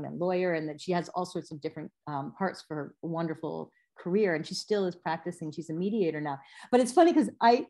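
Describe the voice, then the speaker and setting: A woman in her forties with a fairly low voice, talking as a guest on a podcast. She rambles warmly through side stories and throws in quick, high-pitched impressions of the people she quotes. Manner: lively storyteller who acts out quotes in sudden high voices. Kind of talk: casual conversation.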